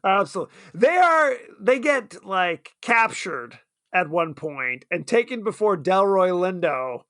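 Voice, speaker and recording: A man's voice: high-pitched, big pitch swings, a little slow, a bit bright, no echo, studio quality. A man co-hosting a podcast in casual chat, amused and chatty, laughing often as he talks about a movie. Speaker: podcast co-host.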